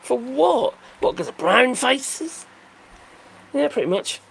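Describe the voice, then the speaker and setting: A man's voice: very high voice, very animated, slow pace, gravelly, fairly bright tone, a little hiss or hum. An older man casually chatting on a livestream, rambling and joking as he answers viewer comments. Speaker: livestream host reading chat. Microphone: phone.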